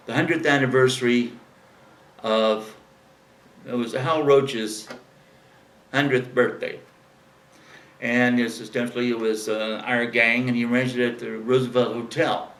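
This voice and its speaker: A man, appearing as an interview guest, casually rambles through a long anecdote, heavy on fillers, and acts out the people he quotes. His voice is mid-range with a fairly bright tone, captured by a distant mic in an echoey room.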